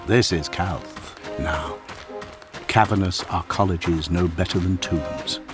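A male narrator with a deep, low voice reads a grim science-fiction tale in a hushed, dramatic manner, sometimes sinking almost to a whisper. Clear music plays behind him throughout. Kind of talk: scripted audiobook narration.

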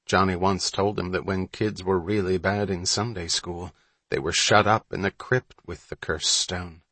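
A man narrating a story aloud in a steady, measured storytelling manner. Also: low voice, husky, no echo. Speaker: audiobook narrator. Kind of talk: scripted narration.

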